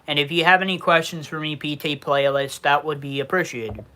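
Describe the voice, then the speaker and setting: A man in his twenties from Western New York, with a Western New York accent, hosting a casual livestream Q&A and talking loudly and cursing freely. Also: a little high, a little fast, a little hiss or hum. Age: 20s. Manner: loud, heavy casual cursing. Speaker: YouTube livestream host. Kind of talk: casual livestream Q&A, reading chat.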